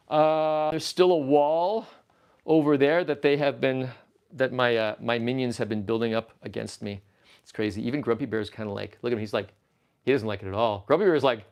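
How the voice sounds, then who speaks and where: A man's voice: mid-range voice, gravelly. Goofy man hosting a toy livestream. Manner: goofy, rambling, reads chat aloud. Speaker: livestream host. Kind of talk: casual livestream chat. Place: toy-filled room.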